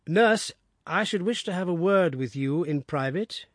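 Sherlock Holmes, read by a man, crisp and keen. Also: sits high, expressive, no echo, clean studio sound, pitched above the performer's own voice. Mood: inquiring. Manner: crisp, measured and inquiring. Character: keen, composed gentleman detective. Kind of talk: audiobook character reading.

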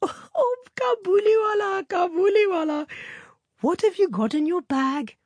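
A woman putting on a bright little girl's voice. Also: extremely high pitch, animated, a little slow, dry recording, pitched above the performer's own voice, heavily acted. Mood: teasing. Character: small cheerful girl, playful and curious.

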